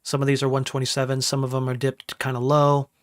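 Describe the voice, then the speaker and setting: A man's voice: medium pitch, completely flat delivery, fast talker. A man explaining his music session in a casual live-stream walkthrough, greeting chat and humming parts aloud in a home studio. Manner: talks while working, hums riffs aloud, greets chat.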